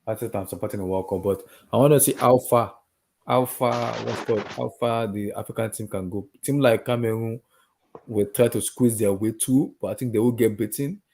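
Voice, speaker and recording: A man's voice: on the low side, fairly even intonation, moderate pace, darkish tone, slight background noise. A man hosting a casual football chat, talking in a rambling, hesitant way. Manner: rambling, hesitant, lots of fillers.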